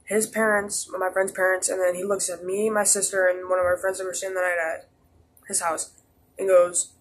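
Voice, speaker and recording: A man's voice: high-pitched, flat delivery, moderate pace, a bit bright, husky. A teenage boy vlogging a casual storytime, rambling with lots of "like" and restarts. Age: teens. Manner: rambling, heavy use of "like" and restarts.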